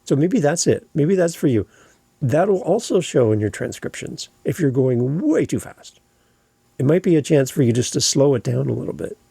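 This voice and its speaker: A man's voice: medium pitch, animated, normal speed, vocal fry, warm tone, husky, no echo. A Canadian man hosting a podcast, speaking in a conversational, opinionated way. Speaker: podcast host. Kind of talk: casual podcast talk.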